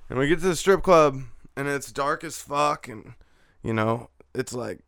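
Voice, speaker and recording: Gravelly young man swearing through a story. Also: mid-range voice, measured pace, fairly bright tone, no room sound, studio quality. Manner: profane, rambling anecdote with laughs. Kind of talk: casual storytelling.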